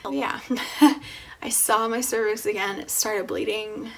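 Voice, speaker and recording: A young woman talking casually in a pregnancy vlog, chatty and full of "like", with soft breathy asides. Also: mid-range voice, takes it slowly. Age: young adult. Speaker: vlogger.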